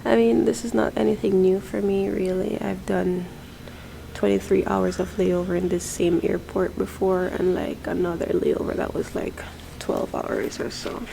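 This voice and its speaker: A woman's voice: mid-range voice, level tone, normal speed, vocal fry, warm tone, slight background noise, poor audio. A woman from Jamaica talking casually to her camera in an airport terminal, chatty and full of fillers. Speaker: vlogger.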